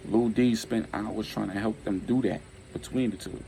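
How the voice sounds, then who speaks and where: A man with a low, gravelly voice spins a rough street tale in casual, slang-heavy talk. He moves quickly between narration and quoted dialogue, over a faint background hiss. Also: fairly even intonation, dark tone, low-quality recording. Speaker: storyteller.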